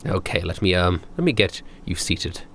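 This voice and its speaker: A fussy male maître d', polite on the surface but slightly condescending toward tourists. He speaks in a prim, measured way with a lively, animated lilt, as the man running the game puts him on. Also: deep voice, a little hiss or hum, voice pushed down.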